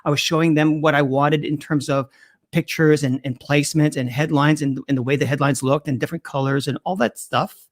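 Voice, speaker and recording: Man, middle-aged, fairly high voice, animated, emphatic, interview guest. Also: a little fast. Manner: animated, emphatic storytelling with restarts. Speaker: guest copywriter. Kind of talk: interview conversation.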